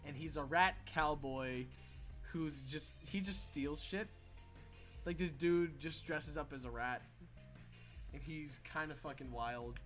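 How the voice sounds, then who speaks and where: Stream host, male, bright and slightly high voice, excitable, casual cursing. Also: slow, soft background music. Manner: excitable, swears a lot, laughs often. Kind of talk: casual live stream chat.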